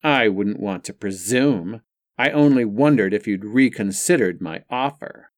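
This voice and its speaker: A man's voice: fairly low pitch, expressive, a little slow, no room sound, clean studio sound. A man doing a smug, sneering rich college guy. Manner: sneering, mocking. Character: smug arrogant privileged young male student.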